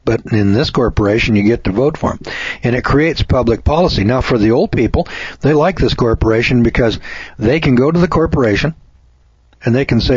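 A man rants through an opinionated radio editorial in a folksy, mocking way. His voice is husky and sits at an ordinary pitch. The recording is dry and dull, like lo-fi radio. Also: a little fast, a little mellow, no echo. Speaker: radio show host.

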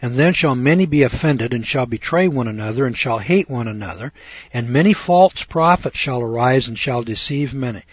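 Husky folksy older man teaching Bible. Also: mid-range voice, animated, moderate pace, no echo. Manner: folksy, chatty, rhetorical questions. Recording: dull dry lo-fi recording.

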